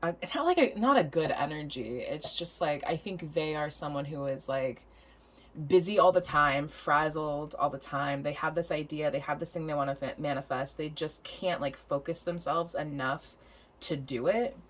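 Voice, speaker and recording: A woman's voice: sits low, moderate pace. A young adult woman giving a casual tarot reading, rambling and chatty, laughing often and swearing freely. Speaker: tarot reader.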